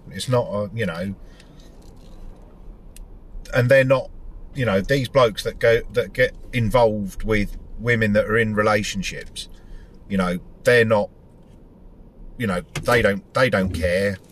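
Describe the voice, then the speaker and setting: A man ranting angrily about a personal falling-out, swearing constantly, stumbling over restarts and acting out both sides of a conversation. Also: lowish voice. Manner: heavy swearing, frequent restarts, retells dialogue. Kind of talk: angry personal rant to camera. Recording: street noise behind.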